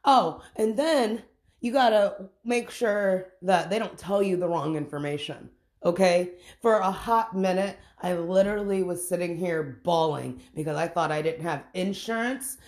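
Slow-talking frustrated woman ranting. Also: mid-range voice. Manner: frustrated, swearing, halting restarts. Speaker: vlogger. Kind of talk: casual venting rant.

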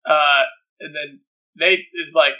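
Higher, very bright man at a game table. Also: fairly even intonation, slow. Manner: casual, swears, laughs. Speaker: player. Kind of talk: tabletop role-play chat.

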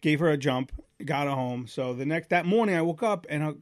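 A man co-hosting a casual podcast, rambling through a story with restarts and asides. His voice sits a little high for a man, and it jumps louder whenever he acts out what someone said. The sound is close and dry, with no room echo. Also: fairly quick. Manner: animated, acts out quoted voices loudly. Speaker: podcast co-host.

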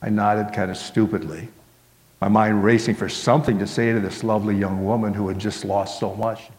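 A male pastor tells a story from the pulpit in a folksy, homespun manner, starting lines with "well". His low-pitched voice rings in a long hall reverb. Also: steady tone, normal speed, a little mellow. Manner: folksy, many "well" and "kinda". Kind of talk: sermon storytelling.

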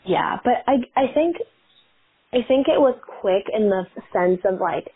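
A woman's voice: medium pitch, animated, unhurried, slight background noise. A woman in her twenties chatting casually as a guest, full of "like" fillers. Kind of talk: casual chat. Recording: phone-like narrow sound.

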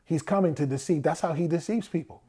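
A man delivers a conversational sermon in a fairly high yet warm, mellow voice. He keeps asking his listeners rhetorical questions and then answers them himself. Now and then he slips into the voices of the people he quotes. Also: fast, slightly rough.

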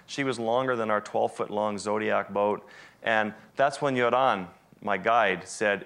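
A wildlife photographer giving an animated, self-deprecating storytelling talk to an audience. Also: male voice, lowish voice, a little slow, creaky, smooth. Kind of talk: storytelling presentation.

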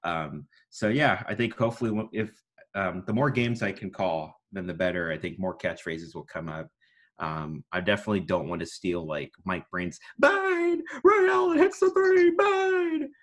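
Deep baritone young guy, podcast guest, rambles on and jokes about himself. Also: moderate pace, a bit bright. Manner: rambling, self-deprecating, with sudden announcer-style bursts. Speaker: guest, student broadcaster. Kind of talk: casual podcast chat.

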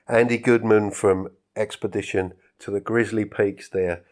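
A man's voice: lowish voice, steady tone, unhurried. An English man hosting his podcast in a casual, self-mocking monologue, chuckling often. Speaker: podcast host.

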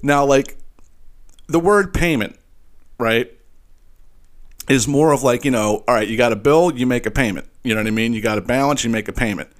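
A man with a slight Philadelphia accent rambles through a podcast monologue, swearing often and restarting his sentences. His voice sits at a middling pitch and stays animated throughout. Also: moderate pace, long pauses. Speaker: podcast host. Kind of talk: casual profane monologue.

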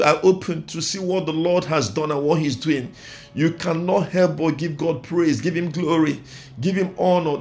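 A man's voice: on the high side, creaky, a little hiss or hum. A man, a pastor preaching a sermon and leading a fervent, repetitive, pleading prayer.

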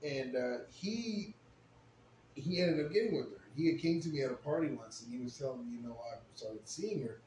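A young man telling a long, profane story in a casual podcast chat, getting loud when he quotes himself. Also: medium pitch, expressive, brisk. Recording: roomy echo, faint ambient noise.

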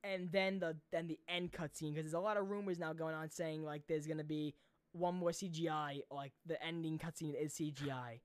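A man's voice: a little high, steady tone, a little fast, clean tone, no room sound. A young man co-hosting a casual gaming podcast, rambling with lots of fillers and swearing. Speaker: podcast co-host.

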